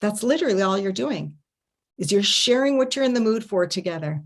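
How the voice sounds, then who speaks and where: A woman giving an online workshop talk as an intimacy coach, animated and expressive, often humming and murmuring to demonstrate sounds. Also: mid-range voice, a little fast. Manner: animated storytelling, laughs often. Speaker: intimacy coach and festival presenter. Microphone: home setup, online stream.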